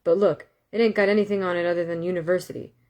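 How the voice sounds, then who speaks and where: A woman voicing a rough-spoken male wagon carter who haggles bluntly and grudgingly, read aloud from a storybook. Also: fairly low pitch, steady tone, fast talker, a little mellow, close to an everyday voice. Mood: grudging haggling. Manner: gruff, grudging, slangy.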